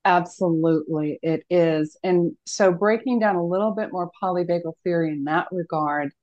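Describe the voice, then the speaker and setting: A woman's voice: lowish voice, moderate pace, a little mellow, lo-fi sound. A woman counselor speaking as a podcast guest, explaining in an earnest, teacherly way and often asking rhetorical questions.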